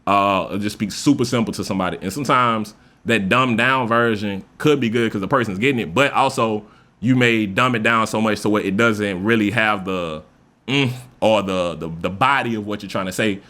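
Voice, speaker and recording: A man's voice: fairly low pitch, moderate pace. A man hosting a podcast, talking casually and loosely with lots of profanity, now and then acting out example voices. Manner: loose, profane, animated speaker who acts out example voices. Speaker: podcast host. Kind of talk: casual monologue.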